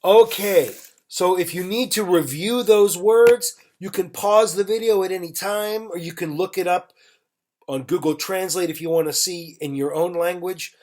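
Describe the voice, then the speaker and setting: A teacher giving an online English vocabulary lesson, speaking slowly and repeating each word and example sentence for learners. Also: female voice, on the low side, a little mellow. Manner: slow, deliberate, repeats words and example sentences.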